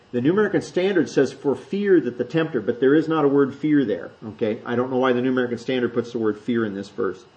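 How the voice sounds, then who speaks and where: A pastor teaching a Bible sermon in a loose, conversational way, correcting himself and joking with the congregation. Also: male voice, medium pitch, warm tone, highs cut off. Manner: conversational, self-correcting, jokes with the room.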